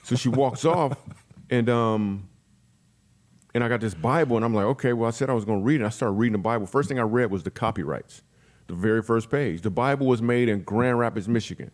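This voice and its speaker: A man, a comedian guest, telling a comic story in a podcast interview with animated, punchy delivery and quick character voices. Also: medium pitch.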